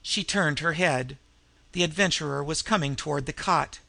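A man reading a novel aloud in measured storytelling narration. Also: on the high side, gravelly, sharp tone, no room sound. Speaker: audiobook narrator. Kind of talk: scripted narration.

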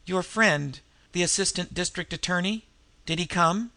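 Give me a halting, stammering young woman, as a man reads her, a little high and bright. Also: no echo. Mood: anxious.

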